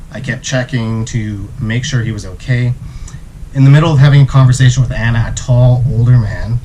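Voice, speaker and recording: A man telling a travel story in a relaxed, casual way, acting out the quotes. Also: lowish voice, a little hiss or hum, rough recording. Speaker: travel vlogger.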